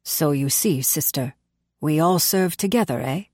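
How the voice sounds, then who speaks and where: A sly, friendly male resistance worker from a storybook explains things in a lowish, easy voice, as a woman reads him. The sound is close and dry. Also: unhurried, a little mellow, no echo.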